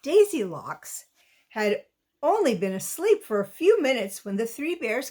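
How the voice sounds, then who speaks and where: Woman, high voice, very lively pitch, slow, children's story read-aloud, talks to the listener. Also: slightly rough. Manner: slow, lilting, asks the young listener questions.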